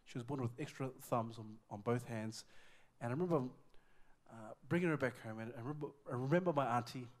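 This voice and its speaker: A middle-aged man from New Zealand preaching a sermon with passion, swinging from loud exclamations to quiet, intimate asides. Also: medium pitch, quick pace. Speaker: pastor.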